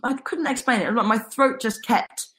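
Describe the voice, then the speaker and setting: A young woman, a guest telling a personal story in an animated way and acting out what people said. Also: on the high side, brisk. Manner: animated, acts out quotes.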